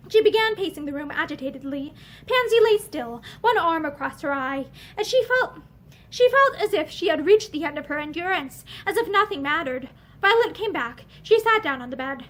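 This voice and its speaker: A young woman reads a novel aloud, seated in a room lined with bookshelves. Her storytelling is steady and expressive. Her voice sits high. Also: fairly quick. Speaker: audiobook reader. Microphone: facing camera, seated.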